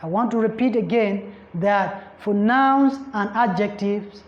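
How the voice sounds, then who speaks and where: A woman's voice: mid-range voice, takes it slowly. A woman tutoring for an English exam in a classroom lecture style, who repeats points, spells words out letter by letter and checks that listeners understand. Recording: echoey room, slightly dull sound.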